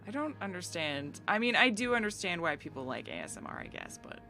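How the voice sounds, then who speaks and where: A woman's voice: fairly low pitch, huge pitch swings, brisk, creaky, sharp tone. A woman from the United States chatting casually with viewers on a live stream, bubbly and giggly as she reads chat aloud and riffs on it. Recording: faint game music behind.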